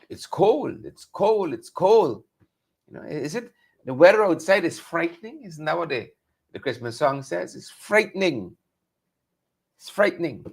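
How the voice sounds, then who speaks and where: Chatty man hosting a morning show. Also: fairly high pitch. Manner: chatty, repeats phrases, greets viewers by name. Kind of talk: live morning show chat reading viewer comments. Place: studio.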